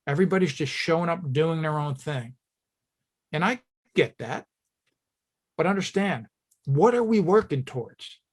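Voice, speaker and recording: A man with a fairly high speaking voice delivers a motivational keynote speech. He talks emphatically and directly to his listeners. He often stops to ask them rhetorical questions. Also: expressive, normal speed, pauses often, breathy edge. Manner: tells stories and acts out short quotes. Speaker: keynote speaker at a fire service training school.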